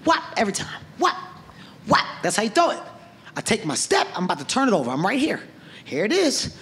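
A male comedian telling a story on stage into a handheld mic, animated and profane, acting out scenes. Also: high-pitched, brisk, a little hiss or hum. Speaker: stand-up comedian. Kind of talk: stand-up storytelling. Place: large comedy venue on stage.

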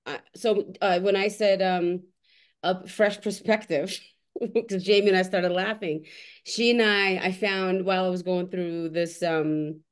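Animated woman telling stories in casual chat. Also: on the low side, measured pace, clear, resonant tone. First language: not English. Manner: animated storyteller, swears freely. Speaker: host.

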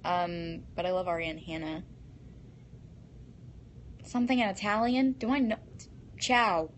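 A woman's voice: lowish voice, steady tone, a little slow, slight background noise. A teenage girl hosting a casual live stream, reading fan comments aloud and answering them in a bubbly, giggly way into a phone.

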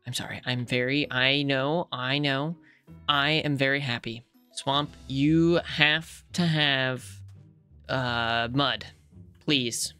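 A woman's voice: very deep voice, steady tone, measured pace, fairly bright tone, smooth. A woman hosting a gaming channel, giving casual, playful commentary as she plays and talks to herself and her viewers. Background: faint background music.

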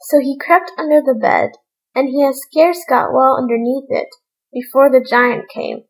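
Woman narrator for a read-aloud fairy tale, high voice with some vocal fry. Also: rough recording. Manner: measured storybook reading. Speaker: storyteller. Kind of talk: read-aloud bedtime story.

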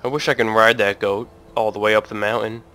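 A young man giving jokey let's-play commentary who talks to the characters on screen and bursts into sudden yells. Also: fairly low pitch, level tone, brisk. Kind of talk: gameplay commentary.

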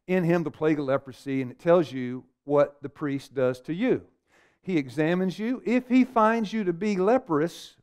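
A middle-aged man with a high-pitched, slightly mellow voice preaches a seminar sermon to a live audience in a meeting room, firing questions at them and calling for amens. The recording is clean.

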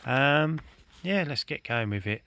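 A man's voice: mid-range voice, expressive, unhurried, pushed and bright. A man reading a storybook aloud in a casual manner, with fillers and small slips. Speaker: reader.

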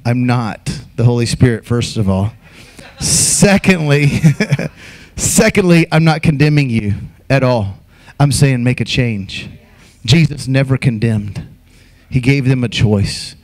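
A man preaching an Easter sermon as pastor, emphatic, with acted asides and sudden shouts. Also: medium pitch, animated, slow pace, pauses often.

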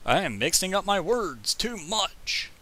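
Excitable young man doing game commentary. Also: high-pitched. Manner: rambling, jokey, talks fast when excited. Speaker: let's play commentator.

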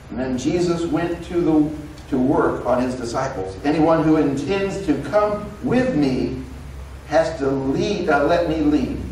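A man preaching a sermon in a conversational, storytelling way, acting out the voices in his story. His voice sits a little high and comes from some distance off the mic. The church around him rings with heavy echo and a faint hum of room noise. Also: slow pace. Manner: conversational, animated storytelling with quoted dialogue. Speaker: pastor. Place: church sanctuary. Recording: roomy echo, recorded from a distance.

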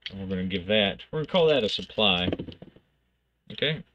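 A man with a fairly low voice plays a solo tabletop game, musing his way through the rules. He narrates the fight in quick bursts. The recording sounds dull and lo-fi. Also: animated, bright, forceful tone, a little hiss or hum. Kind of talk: thinking aloud while playing a solo tabletop game.

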